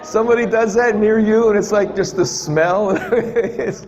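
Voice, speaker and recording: A man's voice: high-pitched, steady tone, a little slow, highs cut off, a crowd in the background. A man preaching a conversational sermon to a congregation, joking with them and asking them questions. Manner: chatty, jokes with the congregation, asks them questions. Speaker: pastor. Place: church hall with a live audience. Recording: reverberant hall, faint background noise.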